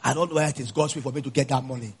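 A man with a Nigerian accent, a pastor mixing a personal story into his sermon, dropping low for asides and rising loud to preach. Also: steady tone, very fast, breathy edge.

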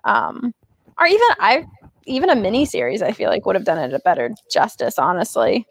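A woman's voice: medium pitch, huge pitch swings, fairly quick, vocal fry, husky, dry recording. A woman chatting casually about a film, blunt and sarcastic and free with swearing. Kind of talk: casual movie discussion.

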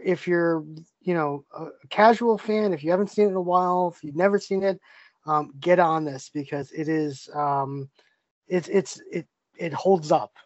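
Male podcast host, upbeat and rambling, higher-pitched, dry slightly muffled sound. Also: no room sound. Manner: enthusiastic, many fillers and restarts. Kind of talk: casual podcast chat.

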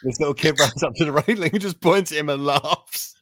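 A man's voice: fairly high pitch, brisk, a bit bright, no room sound, clean studio sound. A man, co-hosting a casual podcast chat, sardonic and swearing, often mimicking people in quoted bits. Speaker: podcast co-host.

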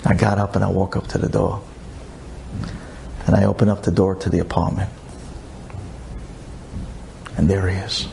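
A man telling a personal story in an emotional sermon, dropping to near whispers and then rising high. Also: level tone, moderate pace, vocal fry, pauses often, a little hiss or hum. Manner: dramatic swings from hushed to soaring. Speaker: religious speaker.

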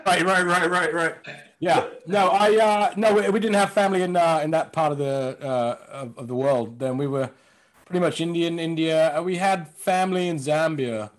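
A comedian from London with an American-tinged accent, joking and rambling in a casual interview. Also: male voice, on the high side, normal speed, faint music behind. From London, England. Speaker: comedian guest.

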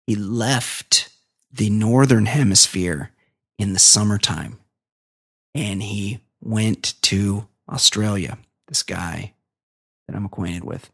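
A man's voice: fairly low pitch, slow, vocal fry, fairly bright tone, slightly rough. A man co-hosting a podcast, reading news stories aloud and riffing on them in a profane, joking way. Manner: profane, jokey, reads stories then riffs on them. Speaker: podcast co-host.

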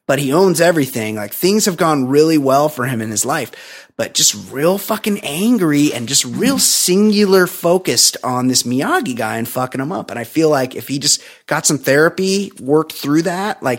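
A man co-hosting a podcast, recapping a film in a rambling, profane, joking way and slipping into quick mock voices. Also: medium pitch. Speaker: podcast co-host. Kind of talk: comedic movie recap.

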